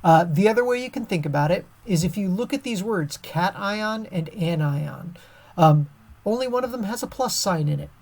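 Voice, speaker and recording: A woman's voice: mid-range voice, lively intonation, moderate pace, a little mellow. A woman teaching a science lesson over a screen recording, chatty and casual with many fillers.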